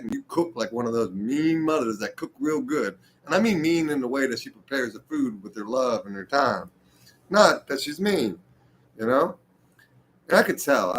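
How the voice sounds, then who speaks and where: A man's voice: medium pitch, fairly bright tone, a little hiss or hum, poor audio. A man ranting to camera in a casual, heated, profanity-laced ramble. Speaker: vlogger.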